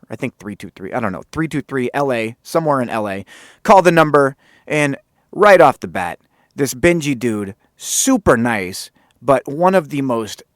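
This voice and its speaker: A man hosting his own podcast, telling a story in a casual, animated way and swearing freely. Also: medium pitch, dry recording, clean studio sound. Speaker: podcast host.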